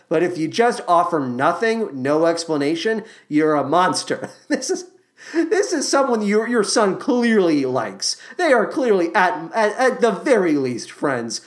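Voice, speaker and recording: A woman hosting a podcast, giving sarcastic, profane commentary on a movie with exaggerated asides. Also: medium pitch. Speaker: podcast host.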